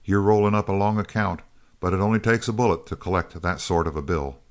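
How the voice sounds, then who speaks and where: A man's voice: low-pitched, fairly quick, close to an everyday voice. A man reading the lines of an angry, suspicious male outlaw lieutenant with fierce, accusing speech.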